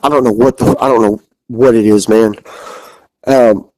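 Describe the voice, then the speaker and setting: A man's voice: lowish voice, steady tone, moderate pace, dark tone, dry recording, low-quality recording. A man telling a haunting story as a podcast guest, rambling, repeating himself and swearing freely. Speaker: interview guest.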